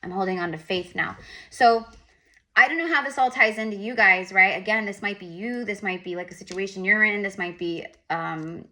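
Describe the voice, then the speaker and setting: A woman's voice: medium pitch, moderate pace. A woman giving a casual tarot reading, rambling and repeating herself as she channels. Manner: rambling, repetitive, animated asides. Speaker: tarot reader.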